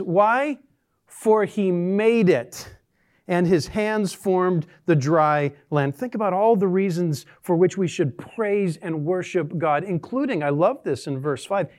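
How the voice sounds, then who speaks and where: A man preaching a sermon, reading scripture and telling jokes in an animated, dramatic way. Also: sits high. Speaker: pastor.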